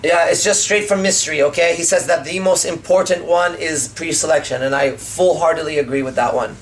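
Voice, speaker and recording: A man's voice: fairly high pitch, brisk, slight background noise. A man coaching on dating in a casual seminar, swearing freely and acting out pickup lines as he explains them. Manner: profane, animated, acts out pickup lines.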